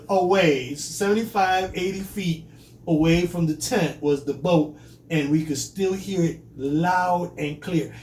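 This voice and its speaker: Animated laughing man in an echoey room. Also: high-pitched, slow pace. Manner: animated storyteller, laughs often, swears freely. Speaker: podcast co-host. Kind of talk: casual chat. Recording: echoey room, distant mic, faint noise.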